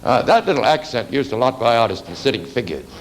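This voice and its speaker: A man giving an art anatomy lecture while drawing, halting with many "you see" asides and dry remarks to the class. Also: mid-range voice, very animated, slight background noise, low-quality recording.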